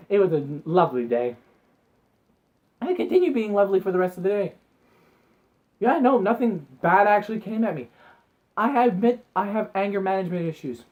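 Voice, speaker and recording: A man chatting to camera in a casual vlog, telling rambling, excitable stories and acting out the moments as he goes. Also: high voice. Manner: rambling, excitable storytelling with acted-out asides. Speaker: vlogger.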